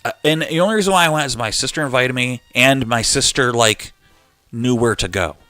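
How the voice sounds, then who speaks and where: Bright-voiced man spinning a rambling yarn. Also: mid-range voice, fairly quick, dry recording, soft background music. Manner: rambling, animated retelling with quoted voices. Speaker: host. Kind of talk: casual storytelling on a live chat stream.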